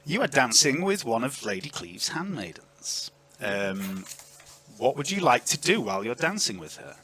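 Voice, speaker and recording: A man narrating as game master of a tabletop game, chatty and lively, on an online voice call. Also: mid-range voice, moderate pace, slightly rough. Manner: lively, chatty, filler-heavy.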